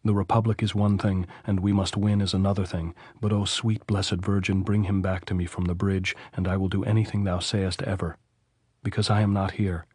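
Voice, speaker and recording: A man's voice: low voice, little pitch movement, brisk, darkish tone, husky, no room sound, clean studio sound. A man reading the anxious inner prayers of a frightened young woman in an audiobook, pleading and repetitive. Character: frightened young woman praying in her thoughts.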